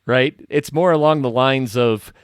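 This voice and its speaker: A man's voice: mid-range voice, unhurried, clean tone, no echo, clean studio sound. A man hosting a podcast interview, reflecting on the guest's story and giving short reactions. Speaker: podcast host. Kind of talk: interview chat.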